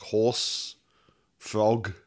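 Very deep, hoarse man chatting. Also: flat delivery, extremely slow. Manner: dry, self-mocking humour, low energy. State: hoarse from a cold. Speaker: podcast co-host. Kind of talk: casual podcast chat.

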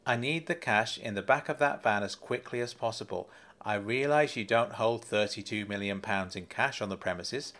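A man's voice: fairly low pitch, normal speed, fairly bright tone. A man voicing a firm, insistent wealthy businessman in a storybook reading. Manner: blunt and insistent.

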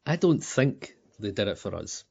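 A Scottish man co-hosting a football podcast, talking in sweary, laughing, animated banter. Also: fairly low pitch, moderate pace, vocal fry, breathy edge. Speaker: podcast co-host. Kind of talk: casual football chat.

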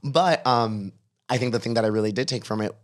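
A man who works as a fitness instructor, chatting casually in an interview, full of fillers and quick laughs. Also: mid-range voice.

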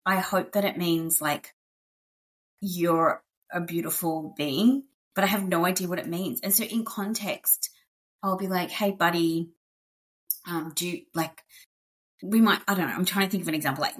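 A woman hosting a podcast in a chatty, upbeat way, full of fillers and asides. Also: lowish voice. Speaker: podcast host. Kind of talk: casual chat.

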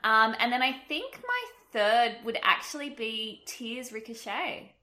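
A woman from Australia co-hosting a podcast in casual chat, talkative and quick to laugh. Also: fairly high pitch, lively intonation, sharp tone, echoey room. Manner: chatty, laughs often, quotes herself. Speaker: podcast co-host.

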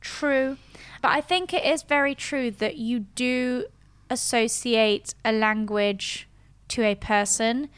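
A woman's voice: on the high side, takes it slowly, hardly any pauses, a bit bright, clean tone, dry recording. A woman, chatting casually and animatedly in a playful conversation. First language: French. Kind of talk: casual chat.

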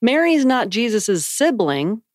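A woman's voice: a little high, big pitch swings, measured pace, darkish tone, no echo, clean studio sound. A woman co-hosting a comedy podcast, reacting with wry, teasing remarks. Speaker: podcast co-host. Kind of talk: casual comedic chat.

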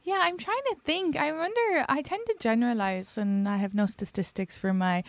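A young Irish woman hosting a podcast, chatting in an animated way with lots of fillers. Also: on the high side, moderate pace, gravelly, dry recording, studio quality. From Ireland. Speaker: podcast host. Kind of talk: casual podcast chat.

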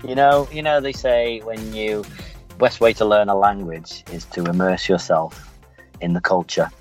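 A man's voice: on the low side, steady tone, unhurried. A man hosting a podcast, chatting casually and rambling through stories with restarts. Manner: rambling, storytelling with many restarts. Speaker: podcast host. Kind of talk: casual chat. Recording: dull lo-fi, faint music.

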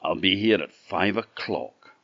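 A sly big bad wolf with an Orkney Scottish accent, as a man voices him in a storybook tale, sweet-talking in a low, unhurried, coaxing voice. The sound is dull and dry. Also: expressive, a bit bright, dry recording, heavily acted.

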